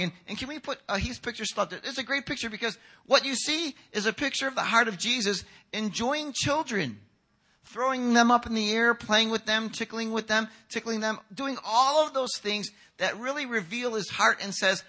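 Animated high-voiced man preaching. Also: brisk. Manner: animated, acts out quotes with shouts. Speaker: pastor. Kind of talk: sermon. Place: church hall.

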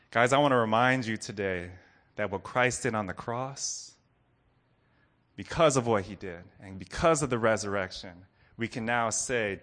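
A man preaching a sermon to a congregation, earnest, dropping to soft low lines and rising to loud ones. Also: normal speed. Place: room with a congregation.

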